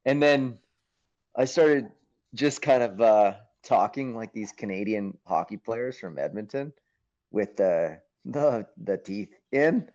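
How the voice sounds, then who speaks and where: A man being interviewed as an actor, telling stories in a lively, casual way, acting out his own thoughts and swearing now and then. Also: fairly low pitch, takes it slowly. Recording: muffled, dull sound.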